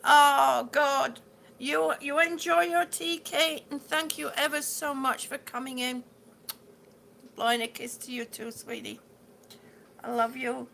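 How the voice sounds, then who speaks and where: High, gravelly woman chatting to viewers live. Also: fairly even intonation, a little slow, a bit bright, a little hiss or hum. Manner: chatty, repeats herself, loses words and laughs it off. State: ringing in the ears, yawning, hungry. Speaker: livestream host reading viewer comments. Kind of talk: casual live chat with viewers.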